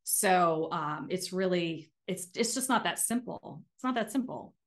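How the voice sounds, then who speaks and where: A middle-aged woman, a coach and podcast guest, talking in an earnest, conversational way that gets animated when she makes a point. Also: on the low side, a little slow. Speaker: guest, emotional eating coach.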